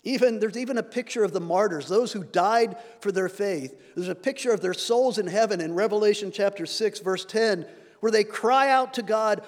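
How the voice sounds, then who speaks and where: High-voiced preacher in a reverberant hall. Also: male voice, normal speed. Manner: earnest, rising when reading scripture. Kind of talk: sermon.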